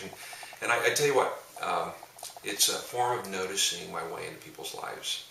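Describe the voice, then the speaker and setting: Deep and creaky with a sharp tone, this middle-aged man's voice moves at a moderate pace as he, a pastor and coach, spins rambling, joking stories and keeps restarting in casual conversation. It's recorded on a distant mic with roomy echo and faint hiss.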